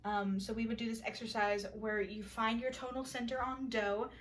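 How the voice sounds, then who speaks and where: A young woman casually explaining vocal warm-up exercises in a music lesson, chatting with fillers and singing short solfege drills. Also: on the high side, normal speed, far from the mic, slight background noise. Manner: relaxed and conversational, many fillers, breaks into sung solfege drills. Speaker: music student presenting a class project. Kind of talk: casual spoken lesson with sung demonstrations.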